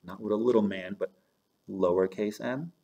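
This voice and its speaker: A man's voice: on the low side, fairly even intonation, moderate pace, dark tone, highs cut off. A man teaching a German lesson, explaining step by step and spelling words out as he moves between German and English. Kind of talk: recorded online lesson. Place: home office with a squeaky chair.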